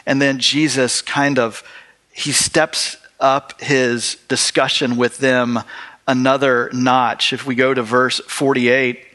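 A man's voice: mid-range voice, fairly even intonation, takes it slowly, bright, forceful tone. A man preaching a sermon in an earnest way, reading scripture and acting out the people in it. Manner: earnest, acts out quoted voices.

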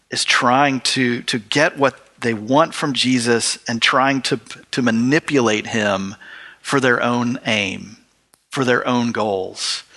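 Slow-speaking bright-voiced male preacher. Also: medium pitch. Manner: earnest, acts out quoted voices. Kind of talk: sermon.

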